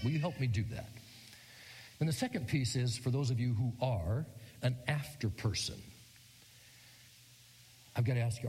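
A man's voice: medium pitch, breathy edge, long reverb tail. A middle-aged man preaching a sermon, telling a story and acting out the people in it. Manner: animated storytelling, acts out quotes. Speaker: pastor.

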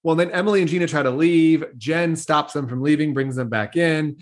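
A woman's voice: low voice, brisk. A woman co-hosting a casual podcast, walking through a TV episode's events with playful laughs. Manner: storytelling recap, frequent laughs, playful. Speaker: podcast co-host. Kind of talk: casual chat recapping a TV episode.

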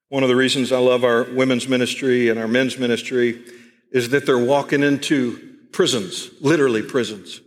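A middle-aged man with a Texan accent preaching a sermon to his church, emphatic and repeating key phrases, slowing down to stress his points. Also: medium pitch, long reverb tail. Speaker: pastor. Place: church sanctuary.

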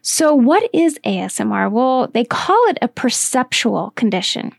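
A middle-aged woman hosts a podcast in a chatty, storytelling way, dotted with casual fillers. Her voice sits a little high. The sound is close and dry, with no room around it. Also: big pitch swings, a little slow, gravelly, dry recording. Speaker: podcast host. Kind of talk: casual explanatory podcast talk.

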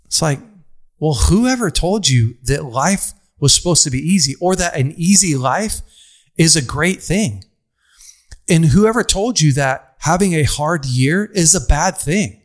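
This young adult man preaches a motivational sermon to a crowd in a conversational way, stringing phrases into long repeated lists and dropping casual fillers. His pitch is fairly high, his intonation lively, and his pace a little slow.

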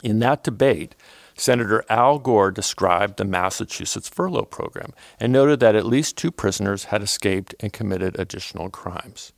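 A man hosting a political history podcast, reading a measured scripted narration. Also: on the low side, vocal fry, dry recording, clean studio sound. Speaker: podcast host.

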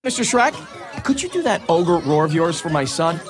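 Eager party mom, pleading and sweet; movie clip with music and crowd. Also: female voice, lowish voice, big pitch swings, normal speed. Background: party music and crowd chatter.

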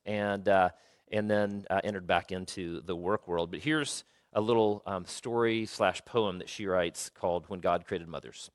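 A man with a lowish voice preaches in a conversational way, pausing on fillers before reading a long passage aloud. The sound is dry and close. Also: a bit bright, dry recording. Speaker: pastor. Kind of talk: sermon with scripture reading.

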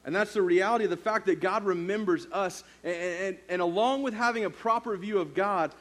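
A man's voice: high-pitched, a little fast, a bit bright. A man in his thirties, a youth pastor, preaching a sermon through a casual personal story full of fillers.

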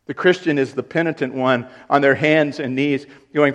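A man's voice: mid-range voice, steady tone, moderate pace, a bit bright. A man, a pastor, preaching an earnest sermon who repeats key points and rises in volume for emphasis.

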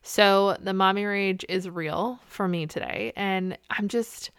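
A woman's voice: mid-range voice, fairly even intonation, slow pace, a bit bright, clear, resonant tone, dry recording, clean studio sound. A woman in her thirties hosting a solo podcast, talking candidly and with exasperation and swearing casually. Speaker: podcast host.

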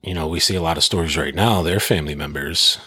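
A man in casual conversation, telling stories in an animated, profane way. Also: rumbling low, quick pace, husky, dry recording, studio quality. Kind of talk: casual chat.

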